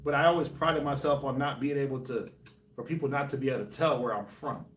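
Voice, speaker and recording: A man from New York, Colorado and Jamaica, hosting a casual group discussion, telling animated stories with laughs. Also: mid-range voice, fast. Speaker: host. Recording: echoey room, mic at a distance.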